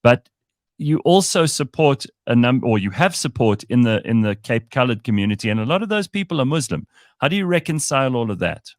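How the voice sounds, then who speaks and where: A man interviewing a guest, who frames his question in a measured way with some hesitations. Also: medium pitch, sing-song, no room sound, clean studio sound.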